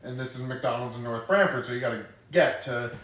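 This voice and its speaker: A man's voice: medium pitch, a little fast, fairly bright tone. A man co-hosting a casual podcast, telling a story in a laid-back way with plenty of swearing. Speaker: podcast co-host. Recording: echoey room.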